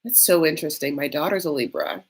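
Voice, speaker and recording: A woman's voice: low voice, very animated, quick pace, breathy edge. A woman hosting a casual live reaction stream, chatty and catty, reading viewer comments aloud and filling her talk with "like".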